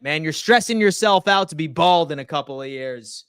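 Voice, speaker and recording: Young guy yelling at his live chat, rowdy and teasing, kinda high voice, dry mic. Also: expressive, normal speed, clear, resonant tone, dry recording. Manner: rowdy, teasing, swears, swings from loud rants to quiet asides. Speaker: host of a live sports stream. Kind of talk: live-stream chat reacting to viewers.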